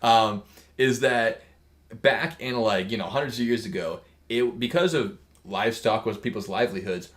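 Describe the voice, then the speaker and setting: A man with a fairly low voice rambles through a crude tale for a podcast. He jokes and swears freely in loose, casual chat. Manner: joking, profane, rambling storyteller. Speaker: podcast co-host.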